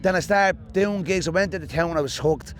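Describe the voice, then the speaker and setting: A man from Ireland with a Dublin accent, talking in a slightly high voice. He rambles through animated, joking stories like a stand-up comedian being interviewed, casual and quick to punchlines. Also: a little hiss or hum.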